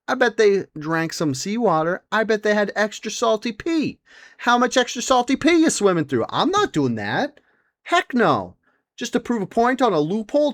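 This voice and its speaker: A man in his forties hosting a solo comedy podcast, rambling and swearing, with mock outrage and sudden leaps into a high excited voice. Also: dry recording. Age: 40s. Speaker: podcast host.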